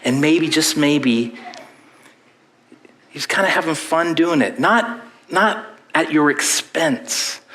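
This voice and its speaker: A man's voice: on the high side, a bit bright. A man with a Canadian accent preaching a sermon in a church, telling stories and slipping into playful voices. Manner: storytelling with playful put-on voices. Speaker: pastor. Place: church sanctuary.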